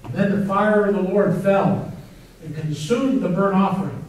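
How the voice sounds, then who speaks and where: A man with a high voice preaches in a church, reading scripture with dramatic weight and stretching out the quoted lines. His voice rings through a very echoey sanctuary. He is picked up by a microphone some distance away. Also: normal speed, a little mellow. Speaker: pastor. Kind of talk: sermon reading scripture aloud.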